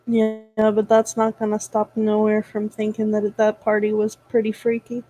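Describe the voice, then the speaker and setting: A woman's voice: mid-range voice, monotone, moderate pace, mellow, no echo, faint music behind, rough recording. A woman playing in an online tabletop game, wry and teasing in casual chat. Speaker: player. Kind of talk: casual role-play chat.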